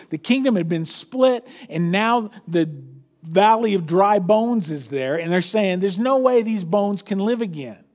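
A man with a fairly high voice preaching a sermon. He reads scripture aloud, sinking low and quiet for the quoted words, then explains it in a loose, conversational way and corrects himself as he goes. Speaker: pastor.

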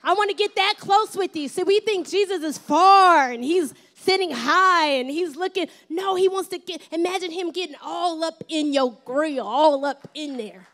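Lively high-voiced woman pastor preaching. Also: normal speed, few pauses. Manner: lively, playful, acts out voices; drops to a whisper at times. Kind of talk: sermon.

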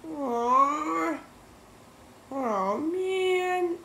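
A woman voicing a whole class of excitable schoolchildren shouting together. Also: sits high, very slow, creaky, pitched above the performer's own voice, full character voice. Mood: chanting. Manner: shouting in chorus. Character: excitable group of schoolchildren cheering and groaning. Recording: roomy echo, faint noise.

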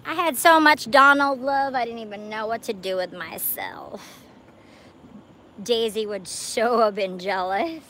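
A woman chatting casually on a live vlog in a parking lot at night, excitable and talkative. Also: on the high side, a little slow, slight background noise. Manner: chatty and excitable, coos at a frog. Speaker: vlogger livestreaming.

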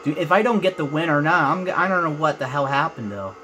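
A young man's slightly high voice sounds pushed and bright, with lively intonation and a brisk pace. He runs a racing game let's play for his gaming channel, addressing viewers and repeatedly airing his frustration while racing.

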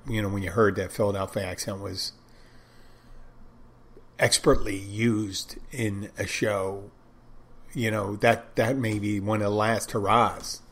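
A man's voice: on the low side, fairly bright tone, slightly rough. A man hosting a podcast, talking on his own in a loose, wandering way as he thinks aloud. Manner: rambling, digressive, thinking aloud. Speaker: podcast host. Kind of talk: casual solo podcast monologue.

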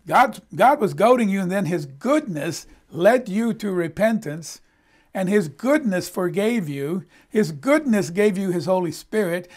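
A middle-aged male pastor preaching a sermon in an emphatic, conversational way. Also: high voice.

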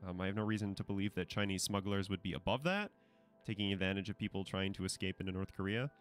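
A man with a fairly low voice talks through his commentary in a loose, conversational way. He hedges often and fills pauses with ums and restarts. Faint music plays underneath. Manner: conversational, hedging, many fillers and restarts. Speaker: commentary channel host. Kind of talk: casual spoken commentary.

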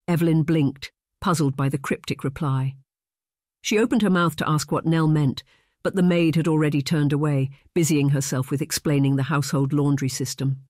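An audiobook narrator reading a romance novel in an even, measured scripted style. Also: mid-range voice, dry recording, clean studio sound.

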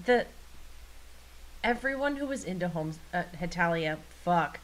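A young woman co-hosting a podcast, relaxed and casual, steering the chat and swearing now and then. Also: on the low side, unhurried, rough recording. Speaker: podcast co-host.

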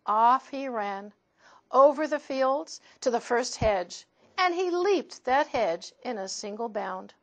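A woman storyteller reading picture books aloud to children in an expressive voice. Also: a little high, slow.

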